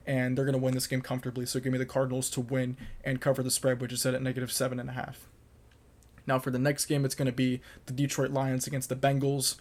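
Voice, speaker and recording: A young man with a medium-pitched, darkish voice hosts his own podcast, confidently delivering football predictions in a solo monologue and repeating points for emphasis.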